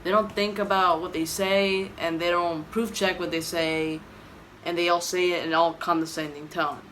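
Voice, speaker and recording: A Texan woman vlogs in a casual, opinionated ramble, often stopping to restart her sentences. Her voice sits on the low side and sounds worn out. A faint ambient hum fills the room behind her. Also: little pitch movement, moderate pace, a bit bright, rough recording. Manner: rambling, opinionated, self-correcting. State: tired. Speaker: YouTube vlogger. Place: indoor room, dim lighting.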